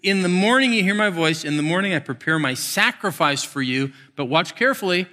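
A male pastor delivers a sermon in a bright, slightly high voice. He moves between soft, drawn-out phrases and quick, emphatic bursts. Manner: expressive, swings from hushed to emphatic.

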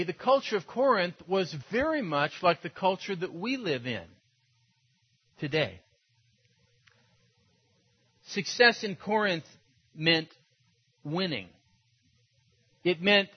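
A male pastor preaching in a chatty, anecdotal way, his voice somewhat high and breathy. The recording sounds dull and lo-fi, as from an older sermon tape. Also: animated, a little slow, long pauses. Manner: conversational, anecdotal, laughs often. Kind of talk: storytelling sermon.

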